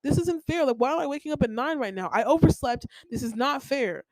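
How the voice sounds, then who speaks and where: A woman's voice: high voice, brisk, dark tone, no room sound, pitched above the performer's own voice, lightly acted, poor audio. A woman mimicking a whiny, defensive mother. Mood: accusing. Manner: whiny, protesting, self-justifying. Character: exasperated defensive middle-aged mother.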